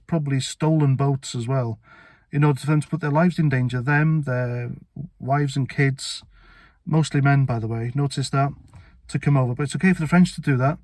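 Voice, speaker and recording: A man's voice: medium pitch, darkish tone, no echo. A British man giving a blunt, indignant political rant to camera as a vlogger, with sarcastic asides. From Britain.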